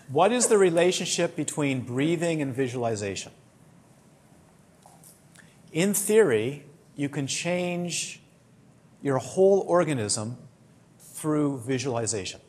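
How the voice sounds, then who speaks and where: A man's voice: on the high side, animated, slow pace, pauses often, darkish tone, husky. A man with a British accent, a meditation teacher giving a conversational teaching talk to a retreat group, full of anecdotes. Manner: conversational, anecdotal, acts out quoted complaints.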